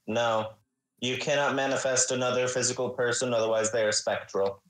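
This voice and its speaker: A man's voice: mid-range voice, fairly even intonation, a little fast, a bit bright. A man acting as game master in a tabletop game, explaining the rules firmly. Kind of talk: tabletop game chat on a live stream. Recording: echoey room.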